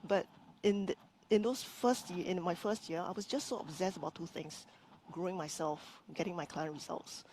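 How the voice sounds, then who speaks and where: A woman from Singapore, a business coach telling her story as a guest in a live-streamed interview, earnest and animated, often restarting her sentences. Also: lowish voice, moderate pace, a little hiss or hum.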